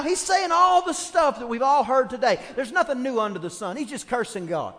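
Animated high-voiced male preacher. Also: a little fast, few pauses. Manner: animated storytelling with acted quotes. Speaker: pastor. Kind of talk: sermon. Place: church. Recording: long hall reverb.

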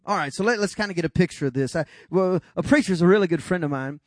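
A high-pitched male pastor preaching with emphatic, rising delivery. The sound is dry and close, with no room echo. He retells scripture with dramatic voice changes. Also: quick pace, few pauses. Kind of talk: sermon.

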